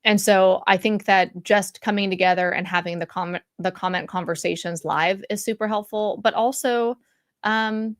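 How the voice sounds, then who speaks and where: Reading viewer comments on her YouTube live stream, this middle-aged host rambles casually, with plenty of fillers and restarts. She speaks at a moderate pace in a steady, medium-pitched voice, recorded on a content-creation studio mic with studio quality and no room sound.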